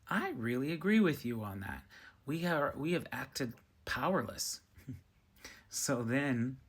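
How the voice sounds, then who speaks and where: A man speaks straight to his viewers in a relaxed, chatty way as he shares a personal faith experience. His voice sits in an ordinary middle pitch. When he replays his own past words, it jumps noticeably higher and livelier. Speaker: Christian speaker sharing a testimony. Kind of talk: casual storytelling to viewers.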